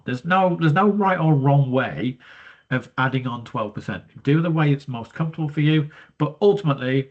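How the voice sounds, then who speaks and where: A husky, slightly breathy man walks through a maths exam question in a chatty, step-by-step way, thinking aloud as he goes. He sounds stuffy from hay fever and breathes through his mouth. The recording is dull and lo-fi. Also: medium pitch. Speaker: maths teacher. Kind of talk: explaining a worked exam question.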